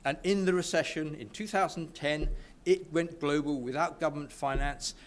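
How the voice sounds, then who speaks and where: A man's voice: fairly high pitch, fairly even intonation, normal speed. A man from the UK speaking informally at a business networking event, full of enthusiasm, often stumbling and restarting his sentences. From United Kingdom. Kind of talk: informal speech to an audience. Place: event room with a live audience.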